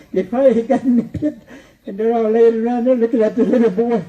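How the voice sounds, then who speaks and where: A man's voice: extremely high pitch, steady tone, normal speed, mellow. A man telling a spoken story, rambling and repetitive, often chuckling to himself. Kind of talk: oral storytelling. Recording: distant, dull lo-fi recording.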